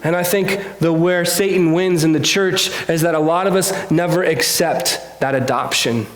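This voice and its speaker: A man's voice: a little high, normal speed, roomy sound. A man preaching a conversational sermon in a church, earnest and confessional, often restarting his sentences.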